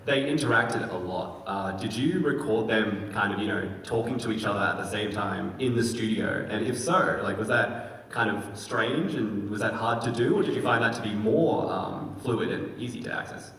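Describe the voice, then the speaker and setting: Man, fan question, hesitant, lowish voice, echoey hall heard from far off. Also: normal speed, a bit bright. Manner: hesitant, many ums and uhs. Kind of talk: audience question at a convention panel. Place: large convention hall.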